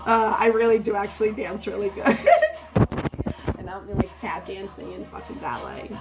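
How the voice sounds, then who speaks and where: A woman's voice: mid-range voice, steady tone, moderate pace, vocal fry, pauses often, over loud music. A woman telling a rambling story in a casual vlog, laughing often and swearing freely. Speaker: vlogger.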